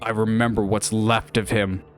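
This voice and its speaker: A man doing a gruff, brooding vigilante. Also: fairly low pitch, level tone, normal speed, pitched below the performer's own voice, lightly acted. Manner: gruff, terse.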